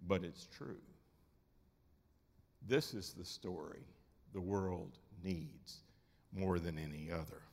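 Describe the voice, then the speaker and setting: A man preaching a sermon, emphatic, swinging between loud declarations and quiet asides. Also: mid-range voice. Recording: long hall reverb.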